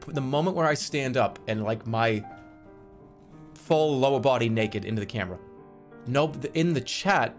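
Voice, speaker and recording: A young man streaming, telling his dreams in casual chat, acting out the voices and swearing freely. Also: mid-range voice. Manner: animated storytelling, acts out quotes with profanity.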